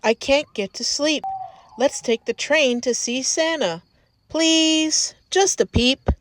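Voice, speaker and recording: A woman voicing an eager, sneaky little girl puppy in a storybook reading, hushed and pleading. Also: high voice, takes it slowly, pitched above the performer's own voice.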